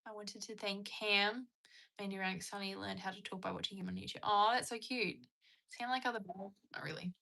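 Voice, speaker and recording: Bright, gravelly young woman streamer. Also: medium pitch, fairly even intonation, brisk. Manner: chatty, reading out and answering viewer comments. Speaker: livestream host. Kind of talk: casual live-stream chat. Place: at home.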